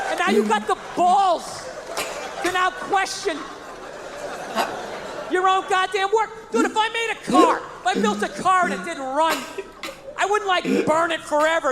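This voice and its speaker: A man doing a stand-up routine, ranting and shouting his punchlines at a live show. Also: extremely high pitch, normal speed, heavy background noise. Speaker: stand-up comedian. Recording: live show with loud audience laughter. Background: crowd laughing.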